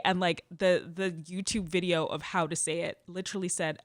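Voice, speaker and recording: Animated young woman, low and dry. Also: normal speed, no room sound. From Edmonton, Canada. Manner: animated storyteller, laughs often, lots of "like". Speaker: guest musician. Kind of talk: casual interview chat.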